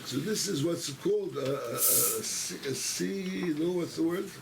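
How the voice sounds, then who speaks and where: Gravelly rabbi telling a rambling story. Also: male voice, on the high side, lively intonation, unhurried, a crowd in the background, poor audio. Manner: rambling, self-interrupting storyteller. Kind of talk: storytelling talk to a congregation. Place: synagogue.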